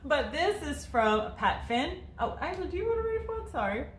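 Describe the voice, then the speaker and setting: A woman's voice: sits high, very animated, normal speed, echoey room, a little hiss or hum. A woman in her twenties, co-hosting a casual chat, rambling and laughing often as she reads out viewer questions. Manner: chatty and rambling, laughs often, many fillers. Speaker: co-host reading viewer questions.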